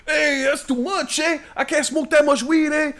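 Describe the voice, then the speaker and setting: A man doing a rowdy, stoned buddy, squeaky high. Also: fairly even intonation, normal speed, a bit bright. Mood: pushy. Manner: ends phrases with a drawled "eh?".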